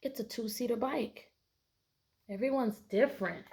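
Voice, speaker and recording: A woman's voice: fairly high pitch, a little slow, gravelly, a little hiss or hum. Woman teacher reading aloud to kids. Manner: asks many questions, bright storybook emphasis on narration. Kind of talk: picture-book read-aloud lesson for children.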